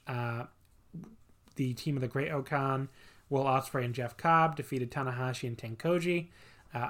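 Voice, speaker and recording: A man's voice: medium pitch, fairly bright tone. Blunt, opinionated man on a podcast. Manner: blunt, opinionated, swears freely. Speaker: podcast co-host. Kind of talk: casual podcast chat reviewing wrestling matches.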